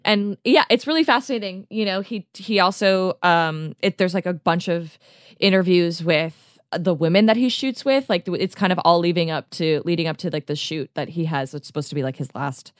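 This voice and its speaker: A woman co-host chatting on a podcast, her voice sitting a little low for a woman. She rambles eagerly through stories, full of filler words, and acts out quotes as she goes. The sound is dry and close to the mic. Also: normal speed, dry recording. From United States. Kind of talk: casual podcast chat.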